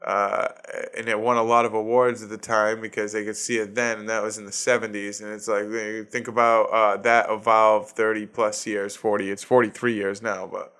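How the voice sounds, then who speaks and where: A man's voice: fairly low pitch, flat delivery, moderate pace, hardly any pauses, a bit bright, clean tone. A man in his thirties with a Boston accent, hosting his own comedy podcast in a profane, ranting solo monologue and laughing at his own jokes. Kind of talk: casual solo podcast rant.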